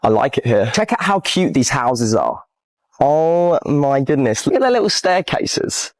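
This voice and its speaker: A man's voice: mid-range voice, big pitch swings, unhurried, dry recording. A man vlogging on a walk through a town, gushing about what he sees. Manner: enthusiastic, admiring. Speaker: travel vlogger. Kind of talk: walking vlog narration.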